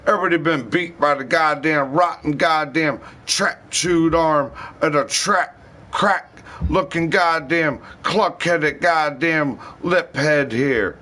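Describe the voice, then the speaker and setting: A man's voice: fairly high pitch, slow, pushed and bright. A man livestreaming a rambling, profane rant in heavy slang.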